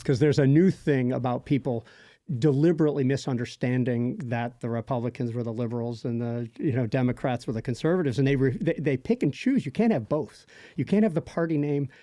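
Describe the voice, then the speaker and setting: A man, a Gettysburg guide, talking history in a podcast conversation, animated and quick to laugh. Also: mid-range voice, no echo, clean studio sound. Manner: animated storyteller, laughs often, does voices.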